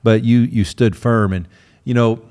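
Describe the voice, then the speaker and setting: A man's voice: mid-range voice, steady tone, darkish tone. A middle-aged man, a coach hosting an interview, asking long, rambling questions with many restarts. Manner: halting, many fillers and restarts. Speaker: coach, podcast host.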